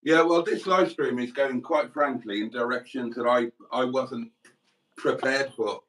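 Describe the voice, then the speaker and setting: A man's voice: medium pitch, a little slow, fairly bright tone, far from the mic, rough recording. British man rambling on a livestream. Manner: rambling anecdotes, calls viewers darlings. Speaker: livestream host. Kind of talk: casual livestream chat.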